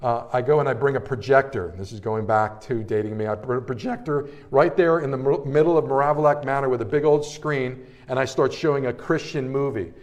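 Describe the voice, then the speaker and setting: A middle-aged man preaching a sermon, telling stories from his ministry and swinging between hushed passages and loud, excited ones. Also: mid-range voice, a little fast, few pauses, dull audio. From New Jersey area, Italian-American family. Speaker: pastor. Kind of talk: sermon with personal storytelling.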